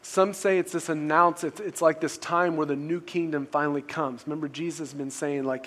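A man's voice: on the high side, steady tone, a little fast, hardly any pauses, a bit bright. A male pastor preaching a sermon in a casual, conversational way, often restarting phrases and asking rhetorical questions.

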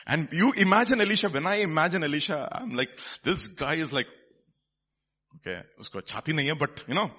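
A man preaches with a husky, bright voice. His pitch leaps widely as he moves from hushed reflection to loud, fervent declarations, and his tone stays fairly high for a man. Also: lively intonation, fairly quick. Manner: swings from quiet musing to loud fervent preaching. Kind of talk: sermon.

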